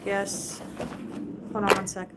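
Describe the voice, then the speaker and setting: A woman's voice: medium pitch, completely flat delivery, takes it slowly, very noisy. A woman and mother hosting a casual live chat, talking in a loose, rambling way and swearing freely. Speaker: livestream host.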